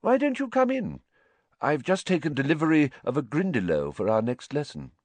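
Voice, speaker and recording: A man voicing a calm, kindly teacher who talks in a gentle, thoughtful way. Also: on the high side, moderate pace, no echo, pitched above the performer's own voice. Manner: gentle, thoughtful, lightly amused.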